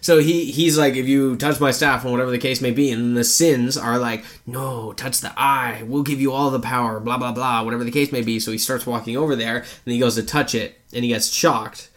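A man's voice: medium pitch, fairly quick, hardly any pauses. A man co-hosting a casual movie review podcast, talking loosely, swearing and acting out scenes in raised voices. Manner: animated, acts out quotes in raised voices, swears freely. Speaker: podcast co-host.

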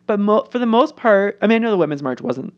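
A woman's voice: medium pitch, very animated, fast talker, dull audio. A woman co-hosting a casual political chat podcast, swearing freely and acting out quotes in funny voices.

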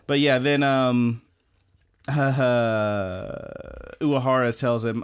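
A man's voice: medium pitch, fairly even intonation, very slow, clean tone. A man co-hosting a podcast, casually recapping an anime in a loose, rambling way with crude asides. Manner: rambling, loose retelling full of "blah, blah, blah" and crude jokes. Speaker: podcast co-host.

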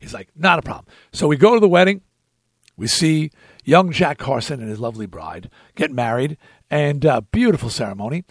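A man hosting a podcast, telling a story in an animated, emphatic way. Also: on the high side, a little fast, no room sound, studio quality. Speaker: podcast host. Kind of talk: storytelling chat.

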